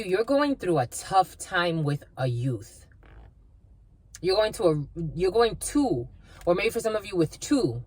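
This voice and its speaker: A woman giving a casual spiritual reading, rambling with many fillers and restarts. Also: on the low side. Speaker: spiritual reader.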